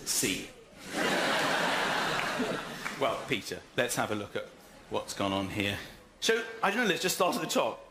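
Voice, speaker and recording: A male host presenting an entertainment show with excitable announcing in a TV studio. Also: mid-range voice, fairly quick. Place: TV studio before an audience. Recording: studio with loud crowd noise.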